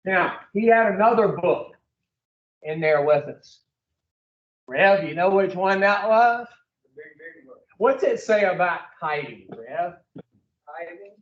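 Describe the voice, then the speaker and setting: A man's voice: high-pitched, animated, slow, long pauses, roomy sound, distant mic, lo-fi sound. A man giving a blunt, profane recovery talk to a group, telling his story and putting questions to the room. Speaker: recovery speaker.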